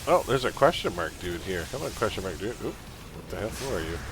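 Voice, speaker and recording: This Canadian man, with a mild accent and a low, sing-song voice, keeps things brisk as he streams a game, chatting casually and reading its text aloud. There's noise in the background of his live-stream commentary.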